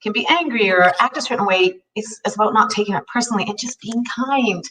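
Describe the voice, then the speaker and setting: A woman's voice: mid-range voice, quick pace, a bit bright. Earnest middle-aged woman telling a story. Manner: earnest, heartfelt, many restarts. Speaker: co-host. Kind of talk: personal storytelling in a talk show. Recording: voice a bit distant from the mic.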